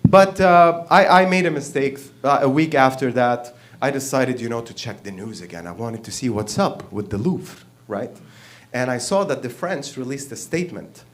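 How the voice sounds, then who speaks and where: A man's voice: mid-range voice, lively intonation, moderate pace, few pauses. A man doing a stand-up routine at an open mic, rambling and profane and laughing at his own jokes. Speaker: stand-up comedian. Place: stage at an open mic night.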